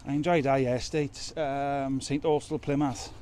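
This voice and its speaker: A man speaks at a normal speed in a medium-pitched, dark-toned voice with fairly even intonation. He's a truck driver vlogger loading his rig in a rain-soaked outdoor yard, chatty and rambling, joking about himself. A little background noise comes through.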